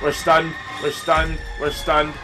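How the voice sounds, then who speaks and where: A young Scottish man commentating his gameplay live, excitable and sweary, often bursting into yelling. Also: a little high, takes it slowly. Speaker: gaming YouTuber. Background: game music.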